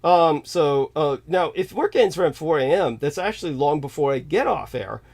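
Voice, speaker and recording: A man's voice: a little high, lively intonation, moderate pace, a little mellow. Man, podcast host, casual chat, laughs a lot, flowery old-fashioned wording.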